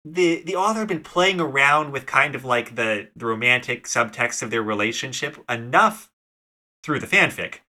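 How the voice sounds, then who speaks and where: A man's voice: medium pitch, expressive, normal speed, pushed and bright. A man co-hosting a podcast, musing in a thoughtful, hesitant way about a story. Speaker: podcast co-host. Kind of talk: casual book-club chat.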